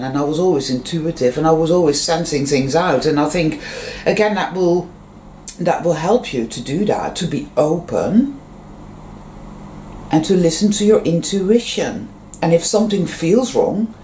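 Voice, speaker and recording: A vlogger talking in a casual, rambling monologue, full of fillers and restarts, and telling stories with sudden jumps in pitch. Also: warm tone, slight background noise. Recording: roomy echo.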